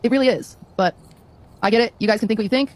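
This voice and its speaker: A woman's voice: on the high side, fast talker, darkish tone. A woman streamer talking to her chat, insistent and repeating herself as she defends her view. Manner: insistent, repetitive.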